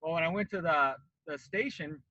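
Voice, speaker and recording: A man's voice: a little high, normal speed, no echo, highs cut off. A man in his late thirties from Colorado, a former Marine, casually telling a long story on a podcast and acting out the voices of the people in it. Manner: animated, acts out quoted voices.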